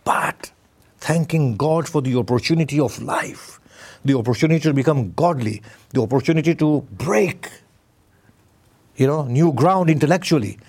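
A middle-aged man preaching a conversational sermon, putting questions to his listeners and slowing down to stress key words. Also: fairly high pitch, animated, a little mellow, breathy edge. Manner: questions the audience, emphatic with sudden slow stresses. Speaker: Islamic preacher.

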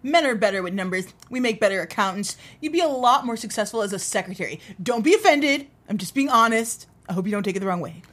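A woman playing a smug, sexist man coworker in a flat, matter-of-fact reading. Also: on the high side, fast, few pauses.

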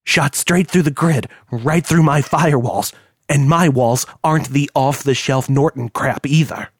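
A man's voice: on the high side, breathy edge, no room sound, studio quality. Guy doing a cranky profane hacker, hissy and bitter, drags his words out. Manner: hissing, ranting, drawn-out bitter outbursts. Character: volatile heavyset male hacker, bitter, profane.

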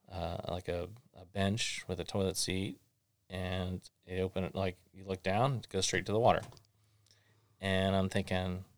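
A man hosting a casual chat, telling a long family story in a rambling, animated way with many fillers. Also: sits low, no echo. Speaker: podcast host.

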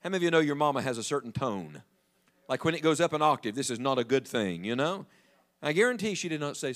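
A man's voice: on the high side, a little fast. A middle-aged man, preaching a sermon as an evangelist in a folksy, storytelling way. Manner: folksy, animated storytelling with jokes to the congregation.

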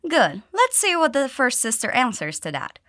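A woman teaching English pronunciation, reading dialogue lines and slowly modelling phrases for learners to repeat. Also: on the high side, wildly swooping pitch, fairly bright tone, dry recording, clean studio sound. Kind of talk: pronunciation lesson with repeat drills.

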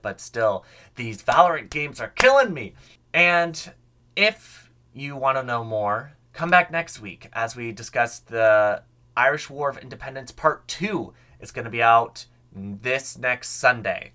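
A man's voice: mid-range voice, bright, forceful tone. A young man hosting a solo history podcast, talking casually and enthusiastically. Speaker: podcast host.

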